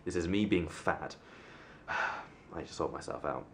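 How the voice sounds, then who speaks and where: A young Englishman talks to his camera in a hotel room, rambling and poking fun at himself, his voice sitting very low. Faint background noise runs under his casual, filler-heavy chat. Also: takes it slowly, gravelly, a bit bright. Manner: rambling, self-mocking, many fillers and restarts. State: sunburnt. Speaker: vlogger.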